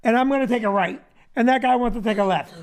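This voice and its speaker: A man's voice: very high voice, fast talker. Man, middle-aged, comedian host, casual chat, wry rambling storyteller.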